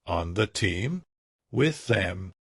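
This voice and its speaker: A man voicing a humble, earnest young male cleaner who speaks softly and sincerely in a storybook. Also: deep voice, lively intonation, very slow, gravelly, no room sound, clean studio sound, exaggerated voice. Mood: stunned, grateful. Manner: soft, sincere pleading.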